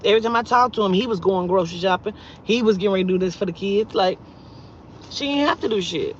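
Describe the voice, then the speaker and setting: This vlogger and spiritual reader is a blunt woman who swears freely, telling her viewers a story at a quick pace and jumping between loud outbursts and low mutters. Her pitch is ordinary and middle. A faint vehicle hum runs under the dull, lo-fi audio.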